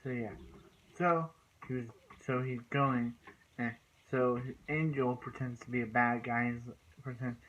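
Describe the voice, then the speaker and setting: A man's voice: medium pitch, fairly even intonation, unhurried, fairly bright tone, a little hiss or hum. Rambling man recapping on dull lo-fi audio. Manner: rambling, full of restarts and "like" fillers, bursts of exasperation. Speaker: TV episode reviewer. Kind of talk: casual rambling recap and review.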